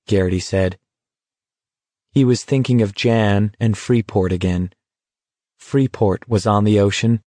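A man reading a novel aloud in a steady, even storytelling voice. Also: lowish voice, moderate pace, no room sound. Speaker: audiobook narrator. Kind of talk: scripted narration.

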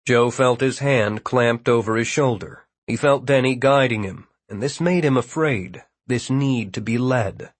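A man narrating a novel in a measured, even reading. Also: medium pitch, no echo. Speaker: audiobook narrator. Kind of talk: scripted narration.

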